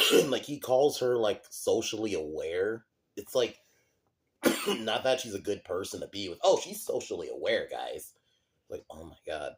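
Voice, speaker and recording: Deep-voiced man ranting sarcastically. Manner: sarcastic, profane, heavy use of fillers. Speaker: movie reviewer. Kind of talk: casual ranting commentary.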